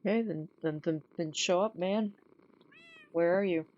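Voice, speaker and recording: A woman streamer from the American South with a notably low, deep voice chats casually at her desk mic. Her banter is dry and teasing. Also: unhurried, darkish tone, dull audio.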